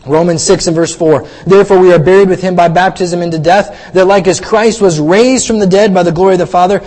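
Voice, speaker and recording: A middle-aged man with a notably high voice preaches a sermon in a church, pressing his points with earnest repetition. He reads scripture aloud in old-fashioned wording. His voice rings out with a long reverb tail from the hall around him. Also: a little mellow. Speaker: pastor.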